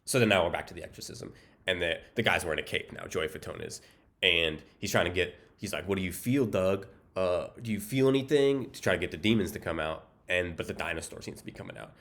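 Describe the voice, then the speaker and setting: A man with a very deep voice retells a movie plot in a loose, joking way. He rambles along in a deadpan tone and leans on plenty of "um"s and "like"s. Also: fast talker, vocal fry. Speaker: movie recap host. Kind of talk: casual comedic film recap.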